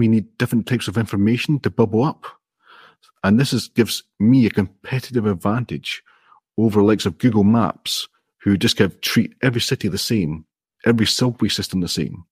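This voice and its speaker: A man's voice: on the low side, slightly rough, no room sound, studio quality. A man, an indie app developer, explaining his approach step by step in a friendly, modest way during a casual interview.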